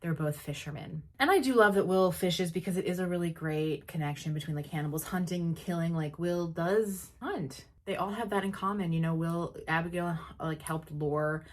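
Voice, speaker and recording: A woman hosting a podcast, casually recapping an episode in a chatty way, full of "like" and quick paraphrased quotes of characters. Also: lowish voice. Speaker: podcast host.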